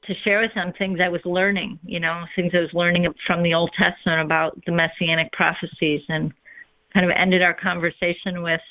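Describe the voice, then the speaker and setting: A woman telling her personal faith story in a reflective, unhurried way, with frequent ums. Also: fairly low pitch, little pitch movement, no echo. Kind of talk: personal testimony in conversation. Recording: tinny phone line.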